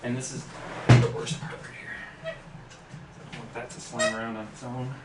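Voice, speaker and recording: A man's voice: medium pitch, normal speed. Guy chatting on a live stream while he works on a pc, joking around, far from the mic, echoey and noisy. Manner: relaxed, joking, talks while working on a PC. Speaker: tech YouTuber host. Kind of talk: casual live stream chat while working. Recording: echoey room, distant mic, background noise.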